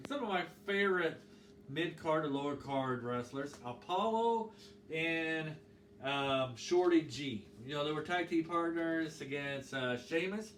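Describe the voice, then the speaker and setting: A man's voice: mid-range voice, fairly bright tone. Rambling man in an echoey room. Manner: rambling, gets worked up and indignant. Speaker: wrestling commentator vlogger. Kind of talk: casual opinion monologue. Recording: echoey room, mic far off, faint hiss.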